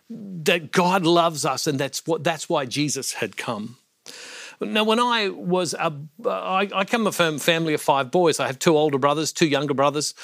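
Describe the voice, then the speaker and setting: A man's voice: a little high, fairly bright tone, no echo, studio quality. A middle-aged man hosting a daily devotional reflection. He speaks in an earnest, heartfelt way and repeats words when he is moved. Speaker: Catholic ministry host.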